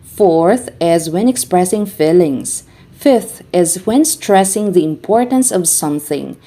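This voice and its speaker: This is a scripted lecture by a woman teacher whose voice is on the low side. She reads terms and paired example words evenly and with deliberation.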